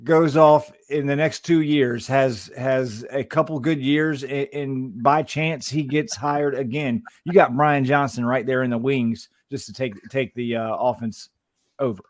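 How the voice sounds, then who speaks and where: A man's voice: mid-range voice, steady tone, a little slow. A man co-hosting a podcast, breaking down football with hesitant restarts. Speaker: podcast co-host. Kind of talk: sports talk.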